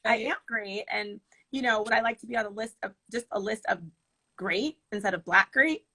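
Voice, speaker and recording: Woman, wedding planner, interview chat, bright tone, animated storyteller. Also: medium pitch, moderate pace, breathy edge, low-quality recording. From Michigan.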